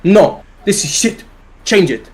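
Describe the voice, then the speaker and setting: A man's voice: high-pitched, expressive, takes it slowly, darkish tone. A man doing a bratty girl's voice. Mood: demanding. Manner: petulant, broken English. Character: bratty, spoiled young Russian woman, demanding.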